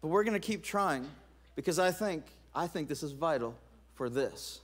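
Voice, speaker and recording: A middle-aged man preaching a sermon, telling stories in an animated way, with laughs and restarts. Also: fairly high pitch, moderate pace. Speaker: pastor.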